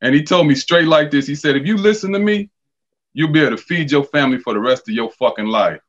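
A man's voice: on the high side, fast. Profane man telling stories, lo-fi sound. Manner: animated, profane, acts out quoted dialogue. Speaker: podcast guest, former college basketball player. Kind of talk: casual storytelling chat.

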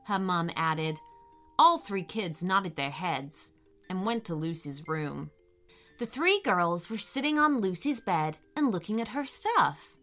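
A woman reading a children's story aloud in an expressive, unhurried way. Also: medium pitch, soft background music.

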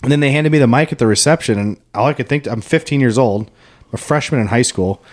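Young man telling animated stories. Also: medium pitch, fast talker. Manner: animated anecdote-telling, laughs through his stories. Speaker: podcast co-host. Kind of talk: casual chat.

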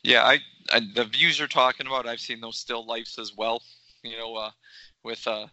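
A man's voice: medium pitch, fairly even intonation, moderate pace, sharp tone, no room sound, low-quality recording. A man in casual sports talk who rambles and searches for his words as he describes replays.

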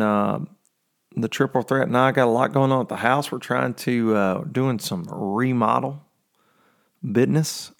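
A man's voice: mid-range voice, creaky. A man hosting a podcast in casual chat, rambling and joking with many fillers, in his early morning voice. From Tennessee. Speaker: podcast host.

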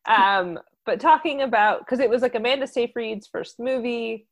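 Woman, New Jersey accent, chatty podcast co-host, lively storyteller, lots of fillers. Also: a little high, normal speed. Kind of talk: casual chat.

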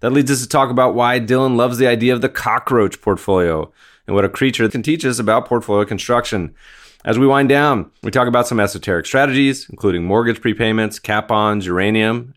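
An American podcast host with a somewhat low voice talks a little fast, chatty and upbeat, as he introduces his guest, reads an ad, and jokes around in a casual interview.

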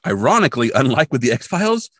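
A man's voice: medium pitch, very animated, fast talker, a bit bright, no echo, clean studio sound. A man co-hosting a podcast, recapping a TV episode in casual chat and leaping into exaggerated voices when he quotes characters. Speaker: podcast co-host.

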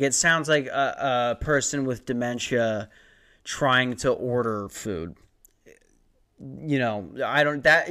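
Rambling, profane young man with a smooth voice. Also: medium pitch, fairly bright tone. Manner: rambling, profane, self-mocking. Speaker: podcast host. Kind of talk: casual storytelling.

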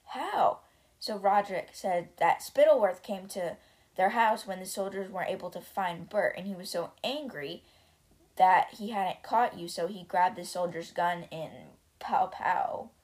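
A woman's voice: fairly low pitch, a little slow, darkish tone. A young woman hosting a podcast, casually retelling book chapters with lots of "like" and "you know". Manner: chatty, many fillers like "like" and "you know".

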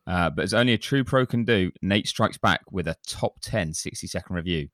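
A man's voice: deep voice, brisk, a bit bright, dry recording, studio quality. A man hosting a casual podcast chat, reading listener reviews aloud with a chatty, self-deprecating manner. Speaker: podcast host.

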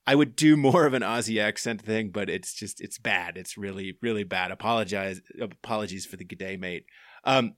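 A man's voice: lowish voice, moderate pace, fairly bright tone, no room sound, clean studio sound. A man hosting a podcast from his home office, talking in a loose, rambling way. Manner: loose and rambling, with many fillers. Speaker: podcast host. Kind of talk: casual podcast chat.

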